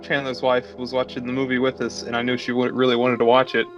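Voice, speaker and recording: A man co-hosting a casual movie podcast chat, swearing freely and retelling scenes with animated quoted lines. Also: medium pitch, fast, highs cut off, music in the background. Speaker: podcast co-host.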